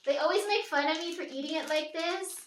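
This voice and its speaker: A woman's voice: very high voice, a little fast, slight background noise. A young woman vlogging at home in a rambling, chatty way, with casual swearing and lots of "like". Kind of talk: casual daily vlog chat. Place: room at home. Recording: echoey room, mic at a distance.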